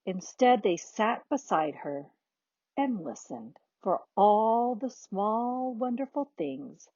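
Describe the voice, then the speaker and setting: A woman slowly reading a children's picture book aloud in a soft, expressive manner. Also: medium pitch, dry recording, dull audio. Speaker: narrator. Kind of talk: slow storybook read-aloud.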